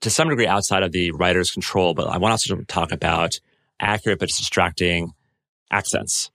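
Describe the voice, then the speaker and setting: A man with a very low voice talks through ideas in relaxed podcast chat, thoughtful and unhurried in his phrasing. The sound is close and dry, with no room around him. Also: dry recording. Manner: thoughtful, with fillers and restarts. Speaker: podcast co-host. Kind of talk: casual chat.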